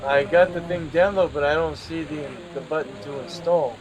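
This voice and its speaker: A man's voice: a little high, steady tone, normal speed, a crowd in the background, rough recording. A man new to the game, asking puzzled questions in a casual voice chat. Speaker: new player asking for help.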